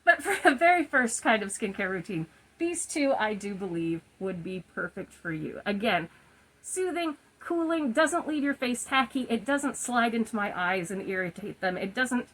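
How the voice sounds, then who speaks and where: A woman in her forties giving a casual, chatty skincare review at home, goofy and quick to laugh at her own slips. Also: on the high side, lively intonation, fairly bright tone, rough recording. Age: 40s. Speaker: skincare vlogger. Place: her room at home, indoors.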